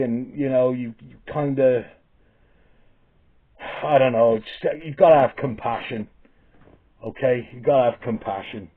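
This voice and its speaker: A man ranting to camera in a vlog, swearing heavily and stumbling over restarts with repeated "okay?". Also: mid-range voice. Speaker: vlogger. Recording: tinny phone-like audio.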